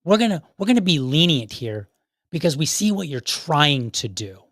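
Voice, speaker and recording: A man's voice: fairly high pitch, big pitch swings, normal speed, fairly bright tone, no room sound, studio quality. A man hosting a podcast, delivering a heated, combative monologue full of rhetorical questions and mocking mimicry of his critics. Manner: mocking voices for imagined people. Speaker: podcast host. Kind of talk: opinionated commentary monologue.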